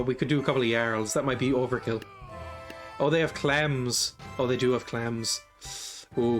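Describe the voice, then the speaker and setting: A man streaming a strategy game, casually thinking aloud in a rambling way and chuckling often. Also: mid-range voice. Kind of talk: casual gameplay commentary.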